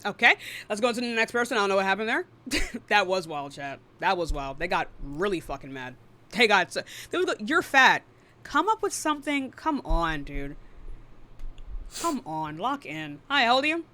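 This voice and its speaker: A woman hosting a live online debate stream, blunt and profane, quick to cut people off. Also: medium pitch, animated, sharp tone.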